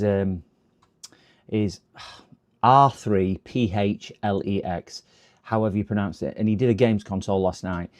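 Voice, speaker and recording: A man talks through a live stream from his repair workshop. His voice sits a little low, and his casual chat wanders, full of fillers and restarts. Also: a little mellow. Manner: rambling, chatty, many fillers.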